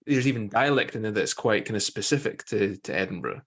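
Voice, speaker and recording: A man's voice: lowish voice, lively intonation, a little fast, a bit bright, husky. A man hosting a podcast, musing thoughtfully in casual conversation. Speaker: podcast host.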